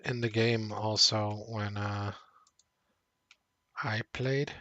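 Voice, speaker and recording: A man's voice: on the low side, steady tone, extremely slow, sharp tone, no echo, highs cut off. A man streaming a game, casually thinking aloud and rambling with fillers between thoughts. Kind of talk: casual gameplay commentary.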